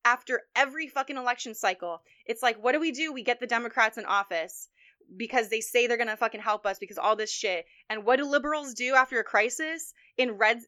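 Woman podcast co-host, higher bright voice, fired-up profane rant. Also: a little fast. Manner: heated, profane ranting. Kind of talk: casual political chat.

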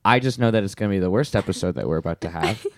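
A young man hosting a casual podcast, joking in a deadpan way. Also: deep voice, racing, slight background noise. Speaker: podcast host. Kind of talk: casual chat.

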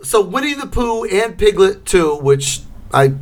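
A middle-aged man co-hosting a podcast, chatting casually and acting out scenes in loud, shouted bursts. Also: high voice, very animated, a little slow. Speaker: podcast co-host. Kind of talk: casual chat.

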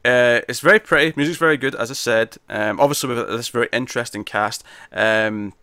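A man talks through a film in relaxed conversation, stumbling and restarting as he goes. His voice is bright and forward, recorded close and dry with no room around it. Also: mid-range voice, brisk, dry recording. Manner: hesitant, with frequent restarts and fillers. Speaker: film reviewer. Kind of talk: casual film discussion.

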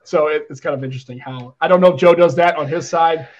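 An American man hosts a casual tech podcast, talking quickly in a slightly high voice. He rambles with restarts and lets phrases fade quietly, and the audio is muffled and lo-fi. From United States. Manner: rambling, animated, trails off quietly at phrase ends. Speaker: podcast host.

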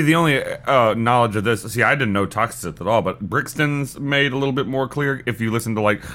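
A man's voice: medium pitch, fairly bright tone. A man co-hosting a podcast, chatting animatedly about a horror film, swearing and laughing often. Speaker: podcast co-host.

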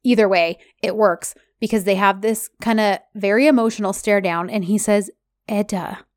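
A woman talks through a TV episode in a loose, conversational way, jumping in to quote the characters with feeling. Her voice sits at an ordinary middle pitch. The sound is dry and close, with no room around it. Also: normal speed, no echo. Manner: animated, retells scenes quoting the characters. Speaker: podcast co-host. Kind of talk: casual recap chat about a TV series.

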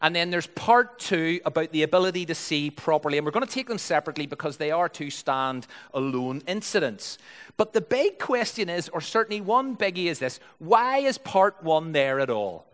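A man's voice: a little high, big pitch swings, normal speed, fairly bright tone, long reverb tail. A man preaching a sermon, reading scripture and explaining it in an earnest, searching way. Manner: earnest, explanatory, reads with feeling.

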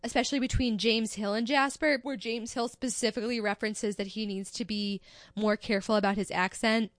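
A young woman co-hosting a podcast, giving a wry, sarcastic critique of a TV show in quick bursts. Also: fairly high pitch, steady tone, no room sound, clean studio sound. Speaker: podcast co-host. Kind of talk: casual chat reviewing a TV show.

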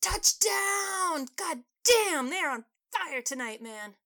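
A woman voicing a loud, excitable male football fan who whoops at the TV. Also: high-pitched, brisk, voice pushed up. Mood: yelling excitedly. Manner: whooping, yelling at the TV.

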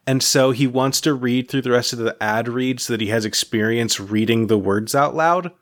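A man's voice: medium pitch, normal speed. A man co-hosting a podcast in casual chat, telling long rambling anecdotes full of "like" and restarts, laughing as he talks. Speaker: podcast co-host.

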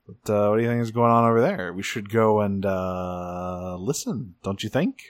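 A man's voice: lowish voice, moderate pace, no echo, pitched below the performer's own voice, lightly acted. A man voicing a sly male robot who nudges others to eavesdrop.

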